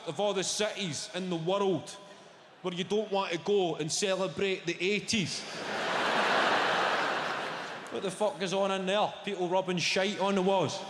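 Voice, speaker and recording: A man's voice: sits high, a little hiss or hum. A man with a Scottish accent doing a stand-up routine, swearing freely and teasing the crowd in brash banter. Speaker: stand-up comedian. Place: live comedy venue stage. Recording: echoey hall with loud crowd.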